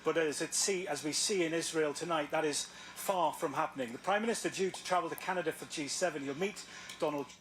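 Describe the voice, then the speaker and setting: A man reporting the news in a measured, formal broadcast style. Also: fairly high pitch, fairly bright tone. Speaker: news correspondent.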